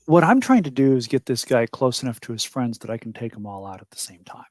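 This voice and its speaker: Player guy talking in character, calm and dry, average pitch, no room echo. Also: fairly quick. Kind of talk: playing a character in a tabletop game.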